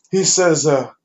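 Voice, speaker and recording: A man telling a casual spoken anecdote in a lively way, playing out each exchange as he goes. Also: fairly high pitch. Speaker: storyteller. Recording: dull lo-fi recording.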